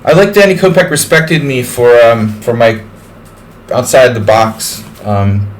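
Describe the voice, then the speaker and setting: A man's voice: mid-range voice, a little slow. A man streaming live, giving casual, chatty chess commentary. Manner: chatty, rambling.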